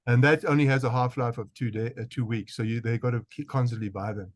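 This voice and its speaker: A man's voice: medium pitch, fairly even intonation, fast, no echo. A man with a South African accent, a physician answering interview questions emphatically, often repeating words as he restarts. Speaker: guest physician.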